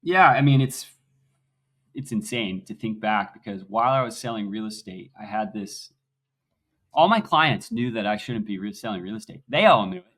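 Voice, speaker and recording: A young man, a podcast guest, telling his story in an animated, swinging voice that rises loud and high as he gets excited. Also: normal speed. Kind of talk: conversational interview.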